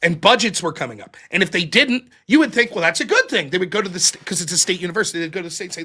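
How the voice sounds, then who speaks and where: A young man hosts a call-in show with a high, bright voice that jumps all over the place. He tells stories in a profane, animated way, slipping into mocking voices for the people he quotes. His delivery stays lively and full of swearing. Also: fast, hardly any pauses. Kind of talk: casual call-in chat.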